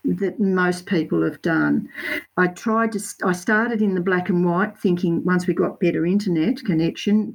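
Heard over poor audio, an Australian woman with a medium-pitched voice appears as a guest artist in a casual interview chat. She tells her story in a rambling way, correcting herself and using local slang.

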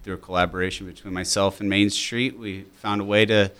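A man's voice: sits low, steady tone, fairly quick, fairly bright tone. A man, a teacher and program coordinator, explaining his school program as a radio guest, with many fillers.

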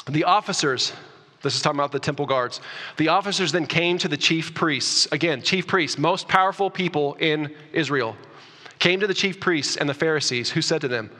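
Male pastor mid-sermon, higher pitched, bright edge, church hall echo, punchy emphatic delivery. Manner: animated preaching, rising loud for emphasis, self-correcting restarts. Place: church sanctuary. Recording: long reverb of a church hall.

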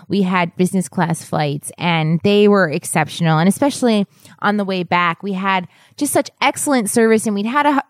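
A woman with an average-pitched voice recounts flights and hotel stays with easy enthusiasm. She speaks conversationally, as if chatting with a partner. The sound is dry and close to the mic. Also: no echo. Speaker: travel podcast co-host. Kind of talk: casual conversational recap.

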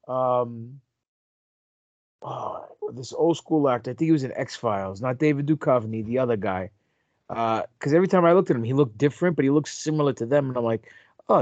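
A man's voice: mid-range voice, a little mellow, no echo, lo-fi sound. A man co-hosting a podcast, joking crudely in a loose, casual chat about a TV episode. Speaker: podcast co-host.

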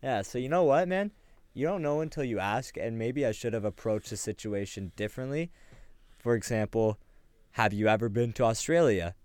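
A man's voice: mid-range voice, animated, normal speed, a little mellow, clean tone, no echo. A young man co-hosting a podcast, telling crude jokey stories in casual chat. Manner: joking, storytelling, crude. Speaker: podcast co-host.

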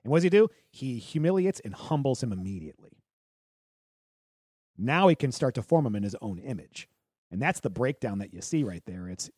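Lively-voiced man reviewing a film. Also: medium pitch, brisk, husky, dry recording, studio quality. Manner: reads plot summary aloud, then adds opinions. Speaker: podcast co-host. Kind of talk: casual movie review chat.

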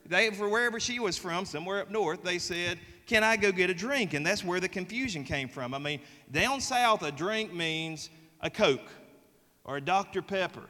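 A man with a Southern US accent preaching a sermon, telling folksy stories in an animated way. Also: high voice, moderate pace, big-room sound. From American South. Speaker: pastor.

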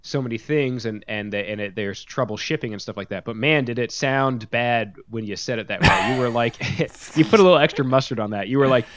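A man's voice: medium pitch, brisk, few pauses. A man co-hosting a board game podcast, teasing his partner in a jokey, casual way. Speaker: podcast co-host.

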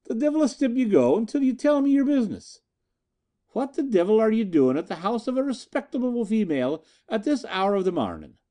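A man voicing a fiery, brawny Irish landlady with an Irish accent, shouting indignantly. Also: high-pitched, big pitch swings, a little fast, voice pushed up. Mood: scornful.

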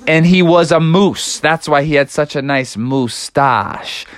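A young woman telling an improvised storybook adventure to children in a lively, playful way. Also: low-pitched, measured pace.

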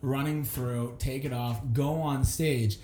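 A man's voice: mid-range voice, takes it slowly, reverberant. A young man, a comedian, telling a story in casual chat and acting out the voices in it. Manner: animated, acts out voices in his stories. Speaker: comedian guest.

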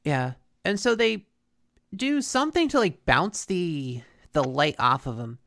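A woman's voice: sits low, big pitch swings, measured pace, gravelly, a bit bright. A woman co-hosting a casual chat, recapping a cartoon episode in a rambling way with lots of fillers and restarts. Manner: rambling, filler-heavy storytelling with frequent restarts.

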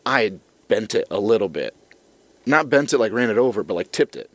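A man's voice: on the low side, lively intonation, a little fast, a bit bright, no room sound. A young man co-hosting a podcast, telling a story in casual chat, acting out quotes, swearing freely and laughing mid-sentence. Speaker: podcast co-host.

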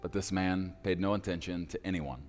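Brief: male preacher, very deep voice, dramatic pauses, reverberant hall. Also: fairly even intonation, a little mellow. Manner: dramatic pauses, slowing for emphasis. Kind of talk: sermon storytelling. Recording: reverberant hall with faint music.

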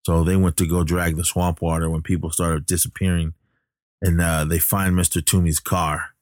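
A man's voice: deep voice, little pitch movement, normal speed, dry recording, clean studio sound. A man casually recapping a horror film, rambling and correcting himself with many fillers. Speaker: movie recapper.

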